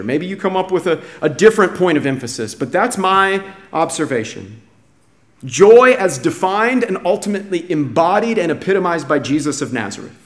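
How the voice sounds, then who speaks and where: Male pastor, slightly high voice, earnest sermon delivery with repeated restarts. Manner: emphatic, restarts phrases, swings from hushed to raised.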